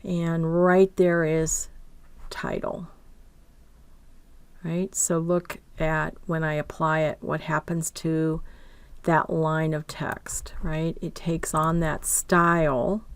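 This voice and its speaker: A woman with a lowish voice walks through a software lesson step by step at an unhurried pace. She narrates each click and keeps checking in with the listener. Her voice sounds close and dry, with no room around it. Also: level tone, clear, resonant tone, dry recording. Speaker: instructor.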